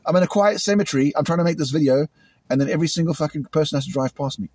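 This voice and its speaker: A British man venting angrily in a vlog, repeating himself and imitating loud bangs, recorded outdoors. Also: a little high, very fast, husky, no echo. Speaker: vlogger. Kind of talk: agitated monologue to camera. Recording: outdoors in a cemetery.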